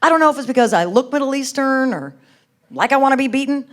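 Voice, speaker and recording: A woman doing stand-up comedy, brash and foul-mouthed in a loose, chatty way. Her voice sits a little higher than most women's. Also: lively intonation, fast talker. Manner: brash, profane, conversational.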